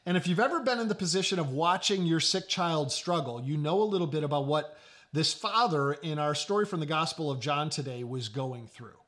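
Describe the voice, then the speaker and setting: A middle-aged man preaching a sermon. He tells a story in a conversational way and often drops to a low, quiet voice. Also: animated, a little fast. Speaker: pastor.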